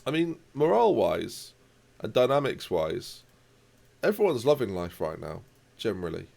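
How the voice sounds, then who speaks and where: A young man commentating live on his football management game, reacting loudly to the match and chatting to viewers. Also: on the low side, very animated, normal speed, vocal fry.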